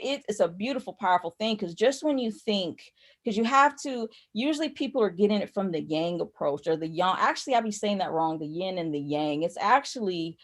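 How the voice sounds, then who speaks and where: A woman teaching spiritual ideas in conversation, rambling and repeating phrases as she loses her thread. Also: medium pitch.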